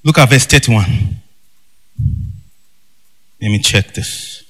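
A man preaching a fervent sermon, shouting in bursts and breaking into tongues. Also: mid-range voice, slow pace. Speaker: pastor. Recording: long reverb with faint music.

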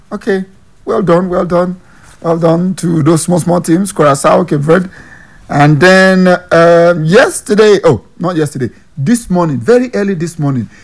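A man's voice: high-pitched, expressive, measured pace. Nigerian man riffing on football news. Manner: reads headlines then jokes in Pidgin, chuckling often. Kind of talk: casual sports news commentary.

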